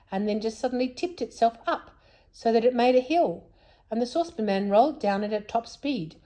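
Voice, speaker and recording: A woman reads a children's story aloud, bringing lively expression to each sentence. Her voice sits at an ordinary middle pitch and moves up and down widely as she narrates.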